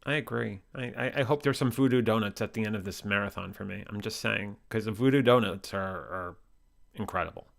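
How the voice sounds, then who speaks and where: A man's voice: fairly low pitch, brisk, creaky. Joking man reading out live chat comments. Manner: jokey, reads out viewer comments. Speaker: host. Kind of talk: casual livestream chat.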